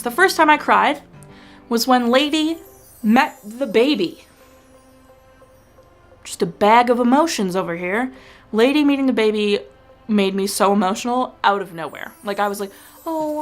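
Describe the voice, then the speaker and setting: A young woman chatting to camera as a film-review vlogger, gushing and animated with quick asides. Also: on the high side. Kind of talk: casual chat to camera.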